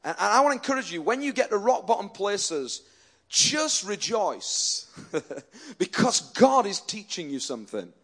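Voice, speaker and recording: A man with a fairly high voice preaches a sermon with earnest emphasis, stopping and restarting his sentences as he goes. He speaks as a pastor addressing his congregation. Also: sing-song, unhurried, fairly bright tone, husky.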